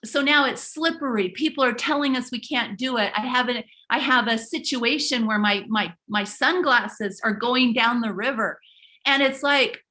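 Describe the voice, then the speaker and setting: A middle-aged woman hosts a live online workshop, telling stories in an animated way and often addressing viewers directly. Her voice is high and bright. She restarts phrases often as she talks. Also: measured pace. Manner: animated, speaks directly to the audience, frequent restarts. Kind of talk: live webinar storytelling talk.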